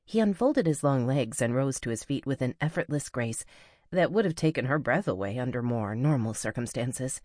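A woman narrating a novel as an audiobook reader, in a measured, even storytelling manner. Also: extremely low pitch, no echo, clean studio sound. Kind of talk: scripted narration.

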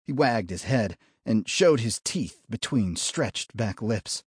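Slow, husky male western narrator. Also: lowish voice, lively intonation, no room sound, clean studio sound. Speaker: audiobook narrator. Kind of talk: dramatic western audiobook narration.

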